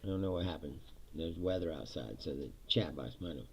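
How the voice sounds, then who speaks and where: Male podcast host, gravelly and animated, profane, laughs a lot. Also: rumbling low, fairly quick, slight background noise. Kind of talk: casual political rant. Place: home basement studio.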